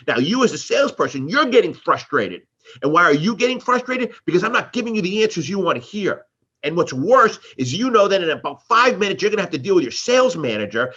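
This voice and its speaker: Animated, bright-voiced male sales trainer. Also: sits high, slightly rough, muffled recording. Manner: animated, acts out customer and salesperson exchanges. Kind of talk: live sales training talk.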